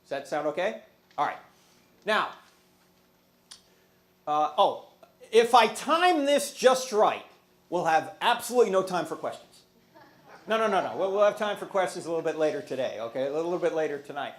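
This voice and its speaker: A man with a fairly high voice speaks as a guest lecturer before a live audience. He mixes jokes into his points and keeps asking the crowd whether they follow him. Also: expressive, normal speed, pauses often. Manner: humorous, asks the audience questions.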